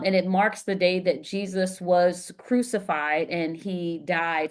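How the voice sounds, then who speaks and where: A middle-aged woman co-hosting a podcast, telling stories in a lively way with frequent filler words. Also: on the low side. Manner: animated storyteller, frequent "um" fillers. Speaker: podcast co-host and performer. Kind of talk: casual chat.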